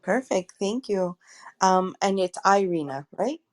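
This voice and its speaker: A woman's voice: medium pitch, lively intonation, measured pace. A woman who is a stress coach, co-hosting an audio chat room and inviting the audience to ask questions in a friendly, welcoming way. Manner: friendly, inviting, explaining the room's rules. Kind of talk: casual podcast hosting.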